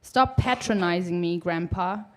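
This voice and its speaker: A woman's voice: lowish voice, unhurried, natural voice. Cranky old lady, stubborn and snappish, grumbling, read by a young woman with a German accent. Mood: indignant. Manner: grumbling, indignant. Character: grumpy elderly woman, stubborn and sharp-tongued. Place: live reading on stage.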